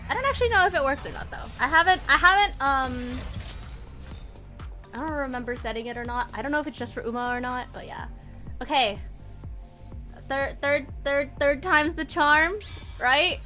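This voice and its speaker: A woman in her twenties streaming a game from home, chatting excitedly, pleading and repeating herself as she pulls. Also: sits high, brisk, faint music behind. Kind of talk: casual live-stream chat during game pulls.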